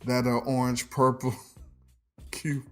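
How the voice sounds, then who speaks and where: A man in his forties hosts a casual podcast in an ordinary mid-pitched voice. He rambles and laughs as he goes, and leans on "um" between thoughts. Soft music sits faintly behind him. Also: level tone, takes it slowly. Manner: rambling, laughs often, says "um" a lot. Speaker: podcast host. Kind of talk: casual nostalgic monologue.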